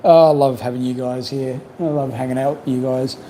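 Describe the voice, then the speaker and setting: Croaky man rambling on a livestream. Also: medium pitch, steady tone, brisk, mellow, slight background noise, poor audio. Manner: rambling and reflective, full of "you know". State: slightly croaky from long talking. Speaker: livestream host. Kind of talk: casual livestream chat. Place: home in Cambodia.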